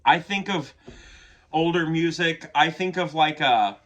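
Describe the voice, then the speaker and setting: Male reaction vlogger with a slightly high voice and an unhurried pace, gushing and chatty, yawning now and then, some faint music underneath. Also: fairly bright tone, lo-fi sound. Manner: gushing, chatty, swears casually; yawns often. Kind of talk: casual reaction commentary.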